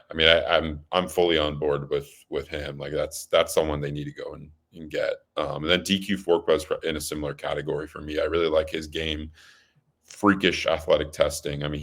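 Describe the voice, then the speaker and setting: A young man with a very deep voice co-hosts a sports podcast in casual chat. He talks in a loose, laid-back way, full of fillers and restarts. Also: creaky, fairly bright tone. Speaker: co-host.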